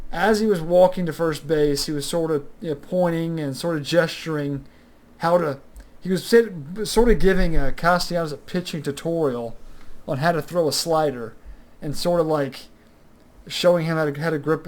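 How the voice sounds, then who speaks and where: A man's voice: a little high, darkish tone. A young man talking casually on his own about a recent game, rambling with many fillers and restarts. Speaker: sports recap host. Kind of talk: casual solo sports commentary.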